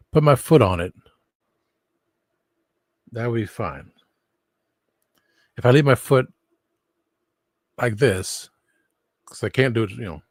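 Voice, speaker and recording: A man's voice: mid-range voice, no echo. A man vlogging from home, rambling and thinking aloud, recorded by a camera set at some distance. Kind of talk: casual vlog monologue.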